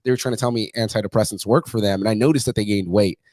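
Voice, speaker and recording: A man's voice: on the low side, steady tone, very fast, darkish tone, no room sound. A male podcast host in casual interview chat, telling stories in a profane, emphatic way.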